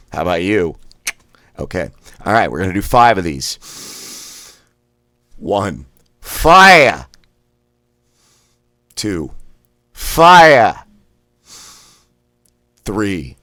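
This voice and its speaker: A man guiding follow-along voice exercises, counting out reps and cracking relaxed jokes between drills. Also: low voice, dry recording, studio quality. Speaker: voice exercise guide.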